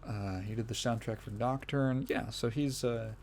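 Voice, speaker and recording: A man hosts a solo gaming podcast, rambling casually, swearing freely and often laughing mid-sentence. His voice is medium-pitched and darkish at a normal speed, with a little hiss or hum on the recording.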